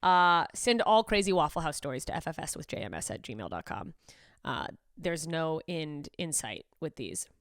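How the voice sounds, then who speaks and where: Animated, profane woman podcast host. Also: deep voice, normal speed, no room sound, studio quality. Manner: animated, profane, incredulous riffing. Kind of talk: casual comedic chat.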